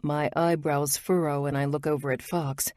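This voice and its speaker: Woman reading a romance book first person, low voice, slow, dry close sound. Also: little pitch movement, a little mellow, no echo. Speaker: audiobook narrator.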